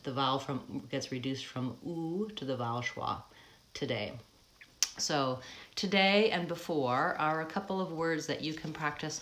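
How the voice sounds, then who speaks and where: An American accent coach, a woman, is teaching a live pronunciation lesson. She explains patiently and models words slowly, often saying "um." Her voice sits low with a fairly bright tone.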